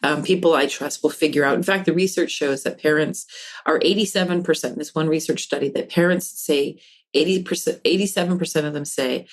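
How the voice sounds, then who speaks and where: A woman's voice: deep voice, brisk. A woman, a counselor and author, talking in a podcast interview and acting out parents' voices as she explains. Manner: animated, acts out parents' voices in quotes. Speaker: guest, developmental counselor and author.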